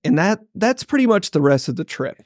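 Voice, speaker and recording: A man's voice: high voice, very animated, brisk, darkish tone, no room sound, studio quality. A man co-hosting a podcast, telling rambling, self-mocking stories in casual chat. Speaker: podcast co-host.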